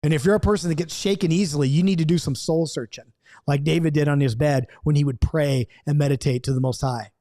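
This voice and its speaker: A man's voice: fairly high pitch, fast, dark tone. A middle-aged man teaching a recorded Bible study lesson, earnest and coaching, repeating key points.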